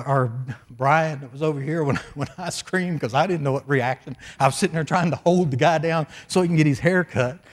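Folksy older preacher telling a story. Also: male voice, fairly high pitch. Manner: folksy, chatty with asides and laughs. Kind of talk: sermon storytelling. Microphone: stage microphone.

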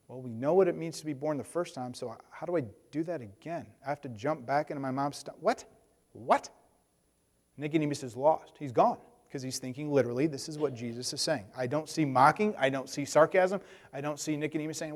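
A man's voice: on the high side, a little fast, in a large hall. A man preaching a conversational sermon, acting out the voices of the people in his story. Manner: conversational, acts out voices of Bible figures. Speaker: pastor.

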